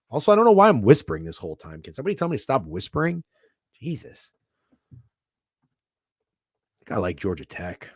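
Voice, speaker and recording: A man hosting a sports betting show, talking casually, swearing freely and swinging from hushed asides to loud bursts. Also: medium pitch, wildly swooping pitch, a little fast, pauses often, slightly rough, no echo, clean studio sound. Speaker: sports betting podcast host.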